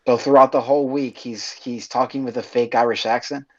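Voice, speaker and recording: A man's voice: mid-range voice, fairly quick. A man co-hosting a casual podcast chat, telling stories animatedly and laughing along. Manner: animated storyteller, laughs between lines. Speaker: podcast co-host. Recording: muffled podcast audio.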